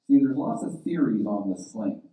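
Impassioned preacher in an echoey church. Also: male voice, medium pitch, lively intonation, moderate pace, recorded from a distance. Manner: impassioned preaching, rising to loud calls. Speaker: pastor. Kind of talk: sermon. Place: church sanctuary.

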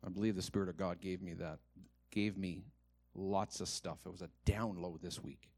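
A man preaching a sermon to a congregation, moving from quiet, earnest talk to loud, rising exhortation and having the room repeat lines after him. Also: low-pitched, fairly even intonation, normal speed, no room sound. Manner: calls on the congregation to repeat lines and raise hands. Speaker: pastor. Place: church.

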